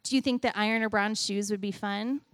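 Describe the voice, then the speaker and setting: A middle-aged woman giving a sermon with a children's object lesson, animated and playful as she talks to the kids and the congregation. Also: medium pitch, a little fast, no room sound, studio quality. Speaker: church speaker giving a children's message.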